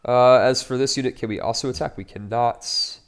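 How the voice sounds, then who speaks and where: A man's voice: medium pitch, brisk. Chatty man narrating his strategy game. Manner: upbeat, chatty, wry asides. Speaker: let's play host. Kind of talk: casual game commentary.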